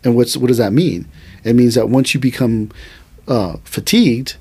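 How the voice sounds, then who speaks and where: A martial arts teacher in casual podcast conversation, a man with a medium-pitched voice. He explains things animatedly and thinks out loud, restarting sentences and tossing in quick asides. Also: husky.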